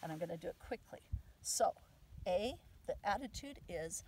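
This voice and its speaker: A woman teaches a family practice outdoors in a relaxed, conversational way, stressing each affirmation out loud. The mic sits some way off and picks up faint hiss along with her voice. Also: lowish voice, moderate pace, pauses often, far from the mic, low-quality recording. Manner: lively, says the affirmations out loud with emphasis. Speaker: mother teaching the medicine wheel. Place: outdoors on a sand dune.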